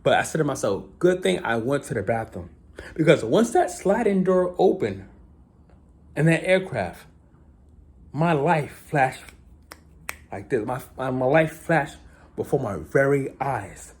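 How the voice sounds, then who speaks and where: A man tells a story to his viewers in a casual monologue. His voice swings lively up and down as he dramatizes events. He keeps checking in with the listener by asking "right?". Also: medium pitch, measured pace, pauses often. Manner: animated, repeats "right?" often, dramatic retelling. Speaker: vlogger.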